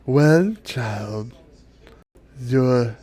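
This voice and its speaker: A man voicing an ancient, gentle female dryad who speaks in a hushed, drawn-out, motherly way. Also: medium pitch. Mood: solemn.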